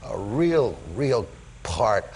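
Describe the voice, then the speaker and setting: An older man, a talk show guest, telling animated stories about his life to the host. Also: fairly low pitch, very slow, slight background noise, rough recording. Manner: animated storyteller, voice rising when excited. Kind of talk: storytelling in a talk show interview. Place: television studio with audience.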